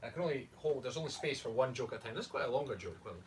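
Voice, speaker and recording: A man's voice: medium pitch, animated, very fast. A Scottish man co-hosting a casual chat, playful and jokey. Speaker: co-host, fitness coach. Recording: distant mic, faint room noise.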